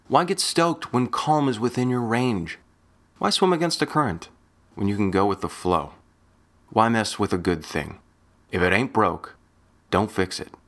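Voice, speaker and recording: A man with a very low, deep voice talks through a scripted spoken-word piece. His delivery is wry and deadpan, with each line set up to land as a pointed turn of phrase.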